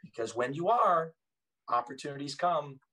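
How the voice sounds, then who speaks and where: A man's voice: on the high side, expressive, moderate pace, pushed and bright, recorded from a distance, rough recording. A man, a former police officer, telling stories as a podcast guest in an earnest, emphatic way. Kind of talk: casual storytelling conversation.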